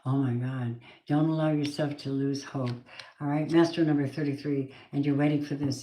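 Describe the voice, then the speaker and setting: A woman's voice: sits low, steady tone, normal speed, dark tone. A woman giving a casual tarot card reading, chatty and blunt, swearing now and then. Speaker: tarot reader. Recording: roomy echo, faint noise.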